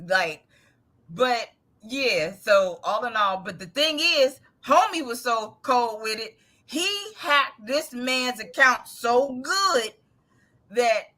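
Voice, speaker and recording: Bright lively chatty woman. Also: on the high side. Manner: chatty, restarts often. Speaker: co-host. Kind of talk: casual chat.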